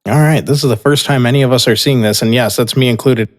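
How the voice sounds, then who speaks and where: A man hosting a casual podcast, stopping and restarting his sentences often and filling gaps with "uh". His voice sits at an ordinary pitch. A long reverb hangs on every word. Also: steady tone. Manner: halting, with many fillers and restarts. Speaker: podcast host. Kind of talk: casual chat.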